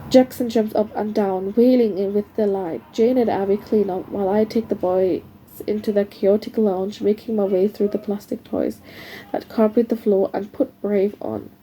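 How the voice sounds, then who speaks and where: A woman's voice: medium pitch, fairly even intonation, moderate pace, mellow, slight background noise, low-quality recording. A woman reading an extract from a novel aloud, narrating steadily in the first person and lightly voicing the dialogue.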